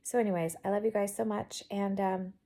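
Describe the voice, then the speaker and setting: Chatty Southern woman, gravelly and mellow. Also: mid-range voice, steady tone, brisk. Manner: rambling, chatty, quirky. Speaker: vlogger. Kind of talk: casual chat. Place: bedroom.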